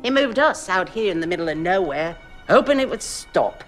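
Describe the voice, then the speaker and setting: A woman's voice: lowish voice, animated, moderate pace, music in the background, lightly acted. An actress playing a blunt, bitter woman who scolds a visitor for believing in a curse, in a TV drama clip. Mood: grim.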